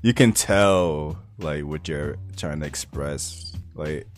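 A young man who makes gaming videos, chatting casually in a soft-spoken, laid-back way with lots of fillers. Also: very deep voice, slow, music in the background. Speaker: gaming YouTuber. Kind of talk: casual chat.

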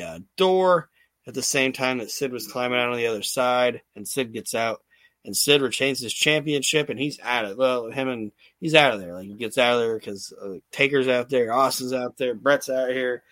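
A man hosting a casual podcast, retelling events with lively storytelling, loose swearing and acted-out quotes, on a close microphone. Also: medium pitch, no echo. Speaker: podcast host recapping wrestling shows.

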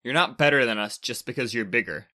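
A man's voice: mid-range voice, a little fast, bright, forceful tone, close to an everyday voice. Man doing a defiant rebel ice giant. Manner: defiant, insistent.

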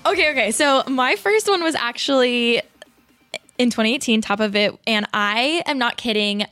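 A young woman co-hosting a podcast, retelling her travel stories excitedly with lots of "like" and quoted reactions. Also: fairly high pitch, normal speed, no room sound, soft background music. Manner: excitable, breathless retelling with many "like"s. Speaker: podcast co-host. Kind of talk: casual chat with ad read.

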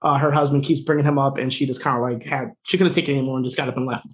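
A man's voice: medium pitch, steady tone. A man co-hosting a podcast, casually retelling a TV episode with lots of "like" and quoted lines. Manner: rapid, filler-heavy retelling, acting out quoted lines. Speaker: podcast co-host. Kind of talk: casual recap chat.

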